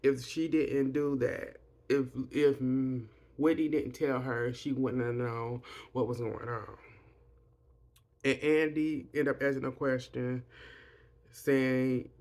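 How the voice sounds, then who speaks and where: A man's voice: mid-range voice, level tone, slow pace, darkish tone. A man casually retelling a reality show reunion and giving his blunt, profane opinions, rambling with restarts. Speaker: reality TV recap vlogger.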